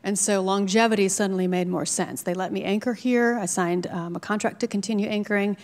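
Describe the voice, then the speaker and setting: Minnesota woman in her 40s telling a lively personal story onstage, middle pitch, echoey hall. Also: fairly quick. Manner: lively storytelling with laughs and asides. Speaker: TV news anchor speaking at a startup event. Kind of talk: personal story talk to an audience. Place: event venue. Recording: live talk with long hall reverb.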